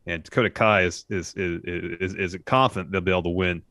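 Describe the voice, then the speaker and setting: A man co-hosting a wrestling podcast, giving a steady, casual play-by-play summary from his notes. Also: sits low, fairly quick, dry recording, clean studio sound. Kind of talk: casual chat recapping a wrestling show.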